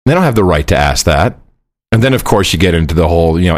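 Man, podcast co-host, lively swooping pitch, animated rambling storyteller, casual chat. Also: fast talker. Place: on the road, far from home studio.

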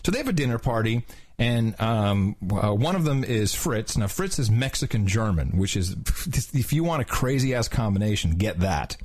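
A man's voice: fairly low pitch, sing-song, moderate pace, darkish tone. A man, hosting a podcast, telling a long story in casual chat with lots of restarts. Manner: rambling, with many restarts and quoted asides. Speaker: podcast host.

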